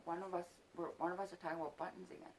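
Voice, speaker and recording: A woman's voice: lowish voice, level tone, rapid-fire, darkish tone, slight background noise. A woman in her forties tells an emotional personal story. She swears freely, her voice rises when she is angry and drops almost to a whisper. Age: 40s.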